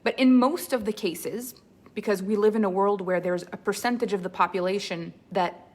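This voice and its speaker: A woman mentor leading a live online training, greeting viewers by name and then teaching earnestly with lots of repetition. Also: mid-range voice. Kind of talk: live-stream coaching talk.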